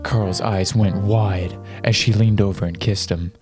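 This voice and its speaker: A man's voice: fairly low pitch, steady tone, measured pace, music in the background. A man reading fanfiction aloud in a dramatic style, breaking off for amused, flustered asides. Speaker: reader.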